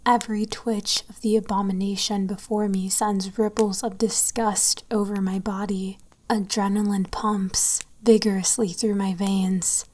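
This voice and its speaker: A woman narrating a horror story, often dropping to a hushed whisper. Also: medium pitch, little pitch movement, measured pace. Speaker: story reader.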